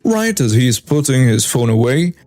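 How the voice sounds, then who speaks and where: A man narrating a first-person story in a brisk, scripted way. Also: mid-range voice, very animated, a little mellow, no echo. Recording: dry with faint music.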